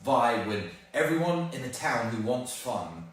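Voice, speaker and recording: A man's voice: mid-range voice, sing-song, a little slow. A man in casual chat, adding wry remarks to a story. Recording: echoey room from far off.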